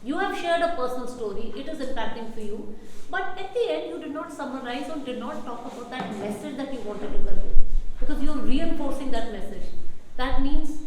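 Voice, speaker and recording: A woman from India leads a public speaking workshop, her high voice moving fairly quickly as she keeps asking the audience questions in a lively teaching style. The hall is echoey, with faint ambience and a noisy background.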